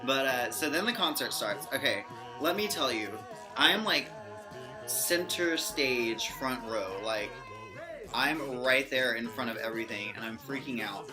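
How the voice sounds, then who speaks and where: A young woman excitedly telling a fan story in a casual vlog, gushing and giggly. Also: extremely low pitch, a little slow. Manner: gushing fangirl, giggly, animated quoting. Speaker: vlogger. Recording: music playing behind.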